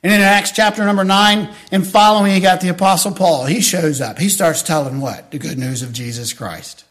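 An older man preaching a sermon as pastor, swinging between shouted lines and soft, hushed storytelling. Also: high-pitched, moderate pace.

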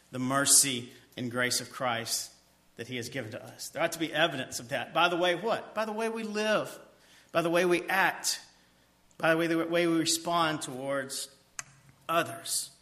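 Bright-toned guy preaching, reads a verse then asks the room and answers himself, goes soft and quiet on the big points. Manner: drops to a soft low voice on key points. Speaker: pastor. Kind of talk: expository sermon.

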